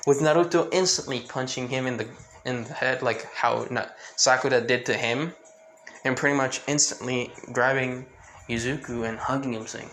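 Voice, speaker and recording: A man's voice: medium pitch, moderate pace, fairly bright tone, slight background noise, rough recording. A man improvising a fan story, rambling with many fillers and restarts.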